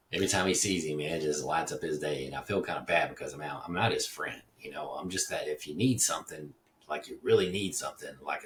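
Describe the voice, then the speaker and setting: Low-voiced man, casual storyteller, profane and rambling, distant mic. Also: fairly bright tone, reverberant, slight background noise. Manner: profane, rambling, reflective, acts out dialogue. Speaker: podcast host. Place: echoey house.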